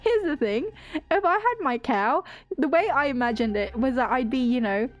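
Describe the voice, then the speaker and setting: A woman's voice: high-pitched, animated, moderate pace. A woman streamer telling a rambling story in casual chat. She swears freely and laughs often.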